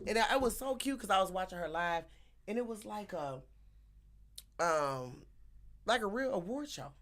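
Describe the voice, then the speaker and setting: A woman telling a story in casual chat, animated and laughing often, acting out the people in it. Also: mid-range voice, moderate pace. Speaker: teacher.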